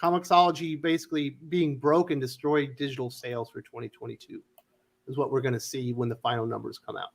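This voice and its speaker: A man's voice: mid-range voice, quick pace, creaky. A man hosting a casual comics panel livestream, telling a story with lots of acted-out quotes and swearing. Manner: animated storyteller, swears, acts out quotes loudly. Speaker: host of a comics news livestream.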